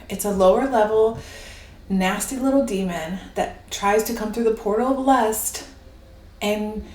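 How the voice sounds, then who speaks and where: A woman tarot reader talking in an animated, rambling way and laughing often. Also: fairly high pitch. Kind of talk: casual spiritual monologue. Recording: echoey room with faint noise.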